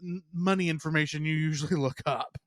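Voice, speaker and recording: A chatty male podcast co-host with a high, bright voice that rises and falls a lot. He laughs easily as he reels off trivia, and the sound is dry and close to the mic. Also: steady tone, a little fast, no room sound. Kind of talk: casual podcast chat.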